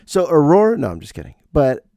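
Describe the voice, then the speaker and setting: A man's voice: a little high, huge pitch swings, fast, gravelly, dark tone, no echo, studio quality. A middle-aged man hosting a podcast in a rambling, self-deprecating comedic monologue. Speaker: podcast host.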